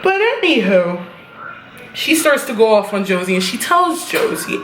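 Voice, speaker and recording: A woman's voice: on the high side, very animated, measured pace, a bit bright, roomy sound, a little hiss or hum. A woman giving a casual, blunt recap of a TV episode, swearing freely as she talks. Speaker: TV episode reviewer.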